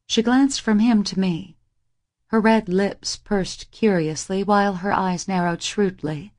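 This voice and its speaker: A woman's voice: lowish voice, a little slow, darkish tone. Young woman reading a romance aloud. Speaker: audiobook narrator. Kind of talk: first-person romance narration.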